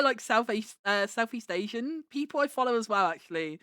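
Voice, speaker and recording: A woman's voice: a little high, expressive, brisk, fairly bright tone, no room sound, clean studio sound. A woman livestreaming from home, chatting casually with viewers, giggling and restarting her words as she talks into a desk microphone.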